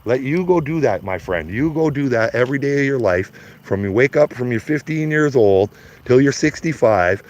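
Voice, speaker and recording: A man's voice: medium pitch, expressive, normal speed, darkish tone. A Canadian man in his fifties ranting on a live stream, blunt and profane, mocking his critics and laughing at his own jokes. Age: 50s. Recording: slightly dull lo-fi stream audio.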